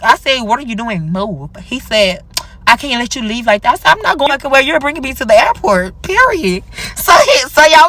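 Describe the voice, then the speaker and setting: Young woman, casual storytime, animated, jumps into high squeals for quotes. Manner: animated, acts out quoted dialogue with big pitch jumps.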